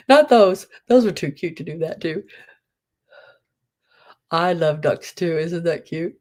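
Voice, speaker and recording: A woman's voice: on the low side, a little slow, pauses often, a little mellow. A middle-aged woman, chatting casually on a live sale stream, gushing and trailing off with ums.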